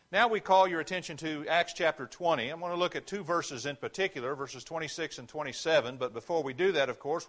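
A male preacher delivers an earnest sermon from a church pulpit. His voice sits a little on the high side, and he stresses his points firmly, building on repeated phrases. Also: fairly bright tone.

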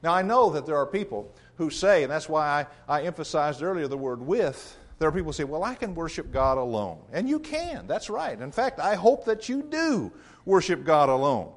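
A man preaching a sermon in an earnest, measured way, repeating phrases for emphasis. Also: a little high, big pitch swings.

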